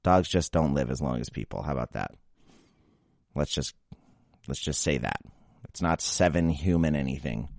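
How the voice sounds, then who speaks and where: Young adult male podcast host, very low voice, dry close sound, irritated ranting delivery. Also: expressive, moderate pace, vocal fry, long pauses, a little mellow, no echo. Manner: grumbling, exasperated, mocks baby talk. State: a bit sick after drinking. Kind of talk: casual solo rant.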